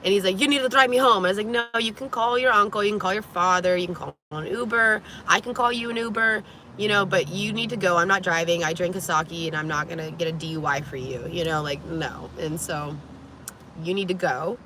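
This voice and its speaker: Woman vlogger, bright tense voice, animated and profane, lots of "like", storytelling in a car, faint background noise. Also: lowish voice, brisk. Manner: animated, frank and profane, with many "like"s. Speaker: vlogger telling a personal story. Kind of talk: casual storytelling to camera.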